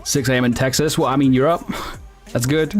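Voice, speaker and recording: A man's voice: mid-range voice, steady tone, brisk, faint music behind. Rambling man streaming. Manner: rambling and chatty, self-correcting, laughs often. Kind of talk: casual livestream chat, answering viewers.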